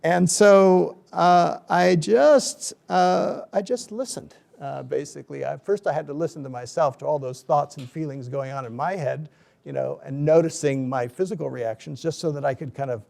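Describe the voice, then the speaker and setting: Gravelly middle-aged man telling a story. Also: a little high, moderate pace. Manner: animated storyteller, acts out quoted voices. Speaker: author giving a book talk. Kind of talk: storytelling lecture.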